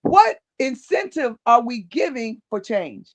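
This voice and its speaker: A woman's voice: a little high, very animated, unhurried. A woman in a podcast discussion, talking bluntly and repeating her points for emphasis. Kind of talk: casual discussion. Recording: dull lo-fi sound.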